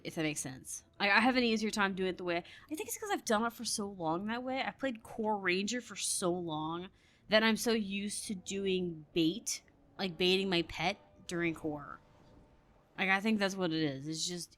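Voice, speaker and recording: A woman's voice: on the low side, a bit bright. A woman chatting casually while playing a game, telling stories in a rambling way and laughing often. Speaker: gamer. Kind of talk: casual gameplay commentary.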